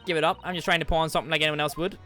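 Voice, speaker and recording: A man voicing a scrappy, defiant young street girl, cheeky and loud. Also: on the high side, flat delivery, very fast, soft background music, voice pushed up. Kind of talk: reading game dialogue aloud.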